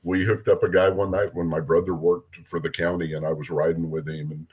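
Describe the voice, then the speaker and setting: A man's voice: low-pitched, fairly quick, slightly rough. A middle-aged man from Minnesota, a police officer, telling casual stories and acting out the voices of the people in them. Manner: animated, acts out voices in his anecdotes. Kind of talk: casual storytelling.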